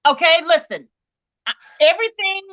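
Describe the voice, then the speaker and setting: A woman guest on a casual livestream, talkative and expressive. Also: very high voice, moderate pace, highs cut off.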